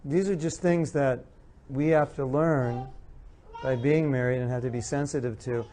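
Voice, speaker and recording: A man's voice: medium pitch, steady tone, normal speed, mellow, slight background noise. A man giving an earnest lecture on marriage to an audience, repeating his key points and acting out what spouses say. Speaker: speaker giving a talk on marriage. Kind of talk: spiritual lecture with audience questions.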